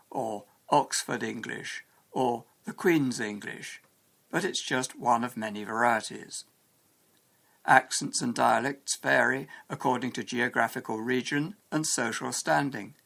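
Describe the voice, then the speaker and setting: A man giving a scripted lesson in a measured, explanatory way. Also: medium pitch, vocal fry, sharp tone. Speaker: English teacher. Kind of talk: scripted educational narration.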